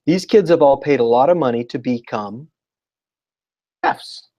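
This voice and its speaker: A man talking as a guest educator in a casual interview, telling lively stories and acting out what people said. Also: mid-range voice, measured pace, rough recording. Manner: animated storyteller, acts out quotes.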